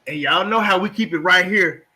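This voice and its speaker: A man's voice: sits high, moderate pace, bright, forceful tone. A man hosting a casual panel talk, explaining earnestly and acting out everyday exchanges. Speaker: host.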